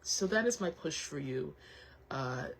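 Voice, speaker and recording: A woman's voice: low-pitched, animated, a little slow, a bit bright, poor audio. A woman hosting a casual motivational chat, encouraging and heartfelt, who thinks aloud with frequent restarts and repeats her reassurances. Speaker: host.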